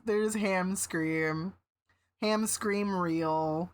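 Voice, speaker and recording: Woman, lowish voice, casual stream chat, rambling with fillers and restarts. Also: unhurried, fairly bright tone. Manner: meandering, with frequent fillers and restarts; casual swearing.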